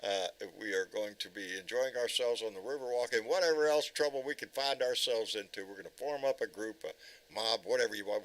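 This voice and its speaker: A man's voice: on the low side, a little fast, poor audio. A man hosting a casual livestream chat, bantering and joking. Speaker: host.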